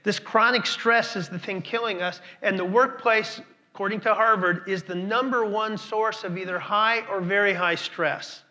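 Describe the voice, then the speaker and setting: Speaking at a moderate pace, a man with a high-pitched, steady, sharp voice addresses a conference. He questions the audience, tells stories, and repeats words to drive points home.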